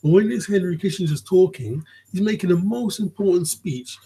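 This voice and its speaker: A very husky, raspy man with a dark, mellow tone talks through a casual commentary vlog. He rambles, swears freely and keeps checking in with the listener. The delivery is loose and conversational. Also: high-pitched, animated, fairly quick, poor audio. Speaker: vlogger.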